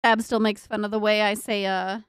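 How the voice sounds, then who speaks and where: This young woman's live-stream chat while building is giggly and full of rambling self-talk, in a northern US accent touched by a Southern drawl. Her voice is medium-pitched and smooth, with flat delivery at normal speed. The sound is studio quality, with no room echo.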